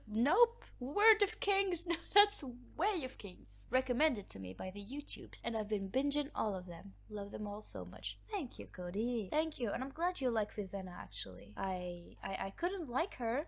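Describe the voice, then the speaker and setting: Chatty, laughing woman with a higher voice. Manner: chatty, laughs often, self-mocking. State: voice cracking. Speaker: book channel host. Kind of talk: casual chat reading viewer comments.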